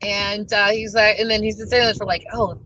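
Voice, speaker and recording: A woman's voice: medium pitch, little pitch movement, brisk, sharp tone, dull audio. A woman in her thirties talking casually to her viewers, telling stories in a chatty way and laughing easily. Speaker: spiritual life coach vlogger.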